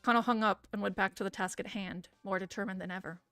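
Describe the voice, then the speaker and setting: A woman reading a visual novel aloud in a soft, soothing voice, breaking off for casual asides. The sound is dry and close, with faint music underneath. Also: medium pitch, steady tone, quick pace, clear, resonant tone, no echo. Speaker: streamer reading a game aloud.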